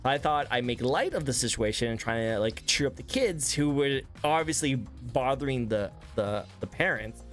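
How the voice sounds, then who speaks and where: A man hosting a casual interview chat, excitable and rambling, laughing often. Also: medium pitch, moderate pace, few pauses, faint music behind. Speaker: host.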